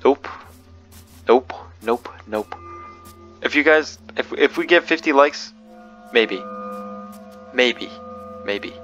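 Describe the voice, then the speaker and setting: Nervous male gamer, mid-pitched, jumpy, repeats himself, faint music underneath. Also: expressive, slow, pauses often, a bit bright, dull audio. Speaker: gaming video creator. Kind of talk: horror game commentary.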